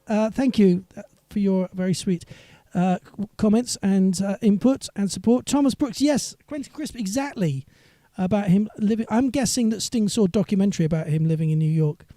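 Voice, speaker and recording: A man's voice: high-pitched, moderate pace, hardly any pauses, warm tone, no room sound, studio quality. A singer-songwriter man chatting on a live stream between songs, rambling and reading viewer comments aloud.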